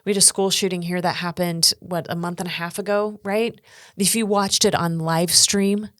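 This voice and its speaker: A middle-aged woman with a lowish voice recounts her experiences in an earnest, animated way, slipping into the voices of people she quotes. The sound is close and dry, with no room around it. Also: moderate pace, no room sound. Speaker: guest speaker and coach. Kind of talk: podcast interview storytelling.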